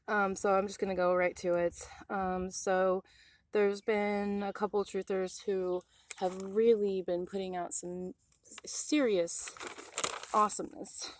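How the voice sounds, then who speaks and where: A woman vlogging outdoors near a forest, rambling with many ums and talking straight to her viewers, sometimes cooing gently to an animal. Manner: coos softly to an animal in a higher voice. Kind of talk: casual rambling vlog.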